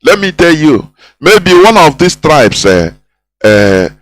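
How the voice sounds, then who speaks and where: A man hosts a radio talk show in a somewhat high voice. He preaches in an impassioned monologue, repeating himself and firing off rhetorical questions. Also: very animated, measured pace, a bit bright, low-quality recording. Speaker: radio host.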